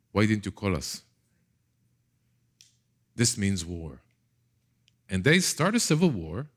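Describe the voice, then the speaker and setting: A man with an Israeli accent gives a relaxed Bible lesson to a class. His voice sits low and he takes his time, circling back on his words and tossing questions to the room. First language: Hebrew. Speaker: Bible teacher. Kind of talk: casual classroom lecture.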